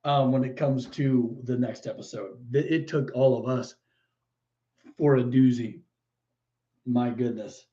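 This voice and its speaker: Mellow-voiced man chatting on a livestream. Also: medium pitch, steady tone, measured pace, long pauses. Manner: chatty and easily delighted, frequent exclamations and laughs. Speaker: livestream host. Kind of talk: casual live chat reading viewer comments. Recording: muffled lo-fi stream audio.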